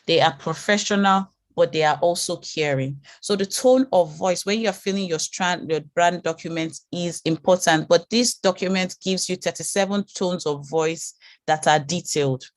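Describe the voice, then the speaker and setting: A woman with a lowish voice teaches a branding lesson in a calm, reassuring manner. She often repeats words while she gathers her thoughts. The sound is dry and close. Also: normal speed, dry recording. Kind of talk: online class lecture.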